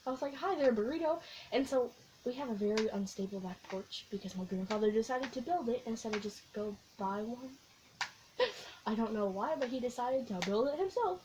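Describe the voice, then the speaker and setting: A woman's voice: a little high, a little fast. Giggly young woman telling a rambling story. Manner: giggly, excitable, rambling storytelling with frequent laughs. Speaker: vlogger. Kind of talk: casual storytelling vlog. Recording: faint background noise.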